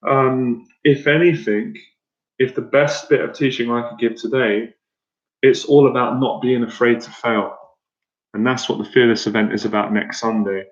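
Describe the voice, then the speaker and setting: A man coaching an audience in a blunt, rambling way, often repeating himself and restarting his sentences. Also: mid-range voice. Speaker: dating coach. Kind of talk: motivational talk to an audience. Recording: echoey room, dull lo-fi sound.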